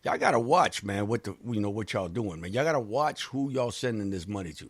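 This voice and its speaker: A man's voice: lowish voice, a little fast, slightly rough, no echo. A man co-hosting a casual radio chat, telling stories bluntly and with swearing. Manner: blunt, animated storytelling with profanity. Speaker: co-host.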